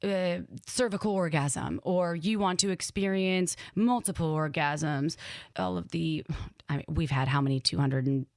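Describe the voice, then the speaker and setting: Frank, animated woman in her thirties. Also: unhurried, dry recording. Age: 30s. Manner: frank and animated, swinging up and down in pitch. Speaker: podcast co-host. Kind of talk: candid casual chat.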